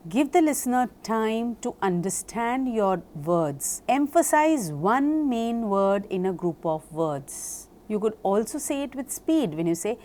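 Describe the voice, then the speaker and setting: A woman giving a recorded lecture on speaking skills. She talks slowly and deliberately and spells words out letter by letter. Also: medium pitch, expressive, mellow.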